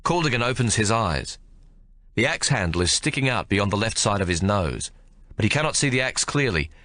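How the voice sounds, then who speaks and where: A male audiobook narrator tells the story with animated pitch and a forward, bright voice. His voice sits fairly low. The recording is close and dry. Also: fairly quick, no echo. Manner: expressive storytelling with lively pitch. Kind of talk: scripted narration.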